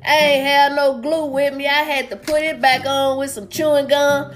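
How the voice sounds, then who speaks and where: A woman's voice: high voice, level tone, moderate pace, faint music behind. A woman doing stand-up over a video call, telling folksy jokes and acting out each character's lines. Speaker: stand-up comedian. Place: home, virtual comedy show.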